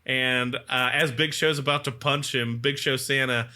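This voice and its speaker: A man co-hosting a podcast, casually retelling a movie's plot and acting out its lines in quick mock voices. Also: medium pitch, steady tone, bright, forceful tone. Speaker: podcast co-host. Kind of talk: casual movie recap chat.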